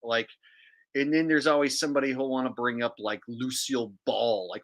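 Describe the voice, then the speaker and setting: A man's voice: mid-range voice, expressive, moderate pace, fairly bright tone. A man in his thirties ranting crudely and profanely on a livestream, talking into a desk mic. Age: 30s. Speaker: streamer. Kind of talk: livestream rant.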